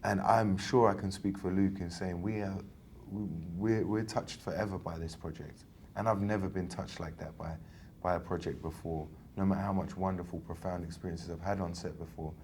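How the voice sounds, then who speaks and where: An Englishman in his thirties, an actor, chats casually in an interview with a low voice at a moderate pace, with a little hiss or hum on the recording. He tells stories animatedly and keeps restarting his sentences.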